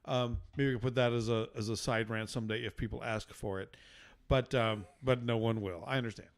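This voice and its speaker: A man's voice: mid-range voice, steady tone, a little fast. A man co-hosting a casual podcast, joking and running himself down. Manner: joking, self-deprecating banter. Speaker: podcast co-host. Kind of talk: casual chat.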